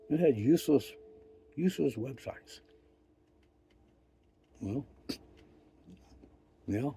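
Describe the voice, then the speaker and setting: An older man telling a rambling story in a profane, folksy, wry way, with pauses and restarts. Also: medium pitch, big pitch swings, dark tone, husky. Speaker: vlogger. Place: outdoors.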